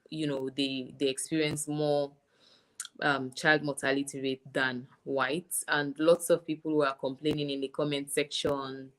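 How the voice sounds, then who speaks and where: A woman's voice: deep voice, fairly bright tone. A young woman, candidly musing aloud in casual chat as a podcast co-host.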